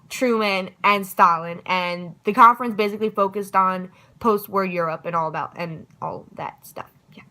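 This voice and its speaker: A young woman talks through a history review in a loose, casual way. Her voice is bright and forward. She is chatty and pokes fun at herself when she trips over her words. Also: medium pitch, brisk, rough recording. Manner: chatty and self-deprecating, stumbles over words. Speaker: student giving a history review.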